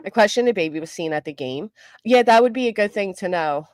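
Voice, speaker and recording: A middle-aged woman hosting a live stream, chatting casually with viewers, greeting them by name, and talking fast and loud. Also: medium pitch, lively intonation, no room sound. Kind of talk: casual live chat, reading comments.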